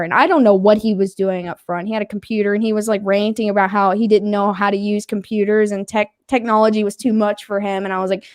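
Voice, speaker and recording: In a medium-pitched voice, a young woman animatedly recounts a story, performing other people's lines, laughing, and cursing casually. The studio-quality recording has no room sound at all.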